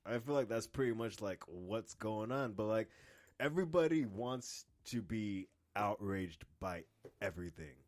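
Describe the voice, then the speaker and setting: A man's voice: fairly low pitch, lively intonation, darkish tone. A man co-hosting a podcast, an amateur comedian talking in a profane, emphatic and casual way. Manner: profane, emphatic, quick to laugh.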